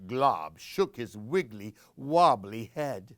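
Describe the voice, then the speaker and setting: Male library storyteller, slow and animated, whispers the spooky bits. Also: mid-range voice, no echo, studio quality. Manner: playful sound words, hushed whispers. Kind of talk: children's picture book read-aloud.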